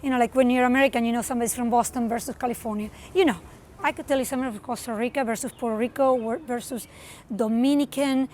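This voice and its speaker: A woman talking quickly and chattily in an interview. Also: fairly high pitch, fairly even intonation, a little mellow, a little hiss or hum. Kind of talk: casual interview talk.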